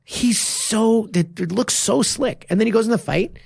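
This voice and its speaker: A male martial arts coach co-hosting a podcast, who talks in an animated, emphatic way with frequent swearing. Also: sits high, normal speed, creaky, no echo, clean studio sound. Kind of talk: casual podcast chat.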